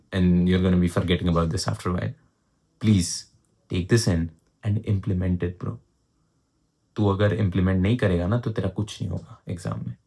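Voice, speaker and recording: Fast-talking young Indian man giving advice. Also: fairly low pitch, a little mellow. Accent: Indian English. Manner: urgent, exhorting, mixes Hindi into English, says "bro". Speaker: student advice vlogger. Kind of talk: casual advice vlog.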